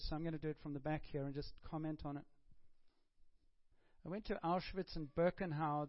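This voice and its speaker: Halting, conversational male preacher. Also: fairly high pitch, muffled recording. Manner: conversational, halting with repeated words. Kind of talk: sermon.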